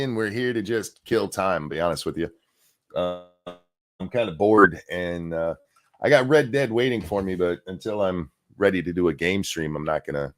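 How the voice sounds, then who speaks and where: Guy with a lowish voice rambling through his stream, swears a lot, sarcastic, keeps restarting sentences. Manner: rambling and profane, with frequent restarts. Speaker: livestream host. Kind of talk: casual livestream commentary.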